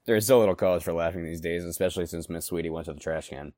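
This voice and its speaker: A long-limbed creature musing calmly about strangling, read by a man. The voice is deep, slow and menacing. The sound is dry and close. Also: no echo, close to an everyday voice. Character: long-limbed sinister male creature, calm and creepy.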